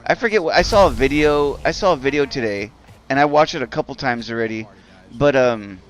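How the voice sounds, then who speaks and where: Brisk and medium-pitched, a man rants casually while streaming a game. His talk rambles, swears a lot, and is packed with "like."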